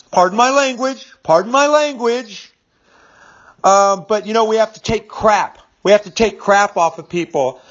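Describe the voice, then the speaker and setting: A man in his fifties telling a personal story in a casual, rambling monologue, repeating words and using lots of fillers. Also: sits high. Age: 50s. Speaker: business speaker. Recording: dull lo-fi recording.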